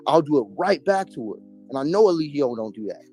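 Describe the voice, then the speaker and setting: With soft background music behind him, a man speaks fast and very animatedly in a high-ish voice with a darkish tone. He's an interview guest telling his story in a casual setting, emphatic, profane, and full of street slang.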